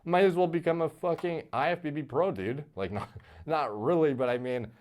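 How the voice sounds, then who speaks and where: A man's voice: a little high, moderate pace, a little mellow. A man giving casual, profane commentary about a fighter's physique in a video played on stream.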